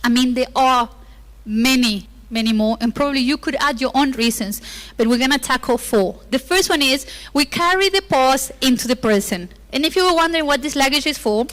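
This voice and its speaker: A woman's voice: high voice, brisk, fairly bright tone. A woman pastor preaching a sermon with playful asides, acting out the lines she quotes. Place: church auditorium. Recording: long reverb of a church hall.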